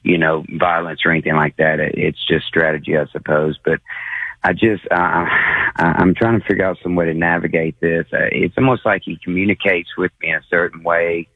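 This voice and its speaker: Deep-voiced hesitant man on a tinny phone line. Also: level tone, husky, no room sound. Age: 40s. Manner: halting, hesitant, many fillers. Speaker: caller.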